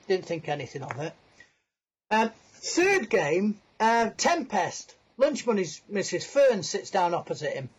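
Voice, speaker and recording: A high-pitched man chatting on a video call, spinning a long tale with a self-mocking grin in his voice. The call audio is muffled and lo-fi. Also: big pitch swings, measured pace, husky. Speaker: guest. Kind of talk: casual anecdote storytelling.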